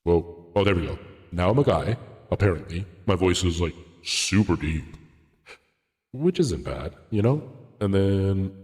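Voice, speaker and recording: A man voicing a stern giant warrior god through a deep pitch-shifting voice changer, barking gruff commands. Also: lively intonation, a little mellow, long reverb tail, exaggerated voice. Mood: amused. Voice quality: gravelly, husky, drawn-out. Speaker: streamer.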